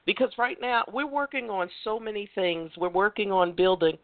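A woman's voice: mid-range voice, steady tone, moderate pace, dry recording. Motivational woman host on a dry phone line. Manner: encouraging, motivational, stumbles and repeats words. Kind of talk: casual chat.

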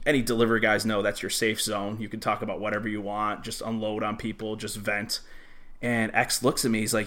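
A man co-hosting a casual podcast, telling dry, deadpan work stories and ranting about small talk. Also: fairly low pitch. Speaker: podcast co-host. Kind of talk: casual storytelling.

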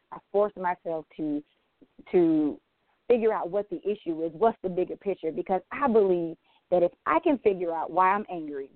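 A woman's voice: on the low side, dry recording. A woman on a church women's panel, candidly telling stories about anger and acting out her own quoted lines. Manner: candid, animated storytelling with quoted asides. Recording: tinny phone-line audio, dry.

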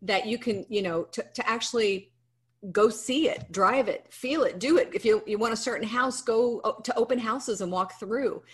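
A woman guest and mindset coach speaks with a husky, breathy voice. Her talk is earnest and uplifting, carried by deep feeling. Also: normal speed. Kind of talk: heartfelt inspirational talk.

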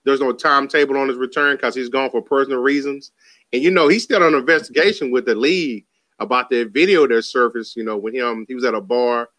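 A man's voice: mid-range voice, a little fast. A man co-hosting a casual basketball podcast, talking loosely with lots of "you know" fillers. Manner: relaxed, filler-heavy talk with frequent "you know". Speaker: podcast co-host.

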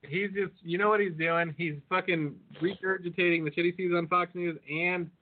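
A man co-hosting a podcast in excitable, profane casual banter, laughing often. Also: high-pitched, normal speed. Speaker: podcast co-host. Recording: phone-like lo-fi audio.

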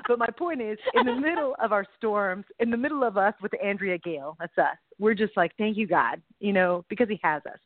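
Animated woman on a tinny line. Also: mid-range voice, a little fast, hardly any pauses, dry recording. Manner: animated storytelling, laughs often. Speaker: podcast co-host. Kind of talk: casual faith chat. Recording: dry phone-like line.

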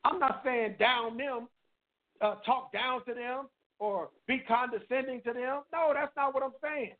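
A man calls in to a radio talk show and makes his point in an earnest, preachy way, returning again and again to the same catchphrase. His voice is very high for a man. It comes through a tinny phone line. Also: unhurried. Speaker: caller and guest. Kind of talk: casual call-in radio talk.

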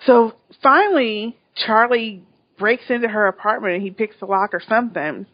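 A woman's voice: a little high, normal speed, no room sound. A woman co-hosting a podcast, retelling a TV episode in casual chat and acting out the characters' lines. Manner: animated retelling, acts out characters' lines, laughs. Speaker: podcast co-host. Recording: dull lo-fi dry sound.

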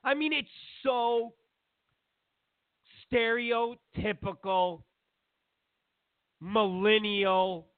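A man rants through a talk-show monologue in a high, gravelly voice, sarcastic and wandering off on tangents. The sound is thin and phone-like, with no room around it. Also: fairly even intonation, very slow, long pauses, dry recording. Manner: ranting, sarcastic, digressive. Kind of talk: opinionated monologue. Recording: dry, phone-like narrow sound.

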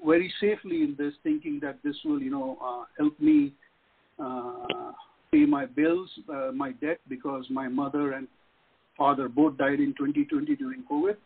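A man's voice: a little high, expressive, moderate pace, creaky, husky. Tearful man on a phone line. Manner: distressed, voice rising sharply. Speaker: caller. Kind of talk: emotional phone call-in story.

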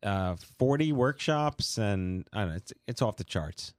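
A man with a New York accent hosting a casual talk show, rambling and joking through quick asides. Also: lowish voice, animated, no echo, clean studio sound. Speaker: show host. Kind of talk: casual talk-radio banter.

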